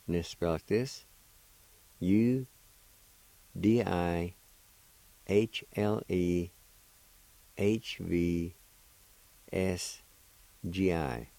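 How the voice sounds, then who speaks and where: Slow, low-voiced man teaching word by word. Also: creaky, warm tone, dry recording, low-quality recording. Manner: careful, deliberate, repeats syllables slowly. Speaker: radio host teaching Cherokee words. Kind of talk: slow spelling and pronunciation lesson.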